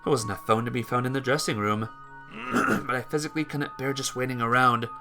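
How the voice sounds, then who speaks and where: A man reading a visual novel aloud in a let's play, with lively delivery and occasional stumbles and restarts. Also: mid-range voice, fairly quick, creaky, music in the background.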